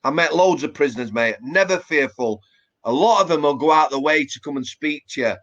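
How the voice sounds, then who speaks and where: The audio is dull, but this former prison officer from Yorkshire, England, comes across as animated, brisk and a bit bright, with a fairly high pitch. In a casual interview he chats plainly in Yorkshire English, full of fillers and restarts.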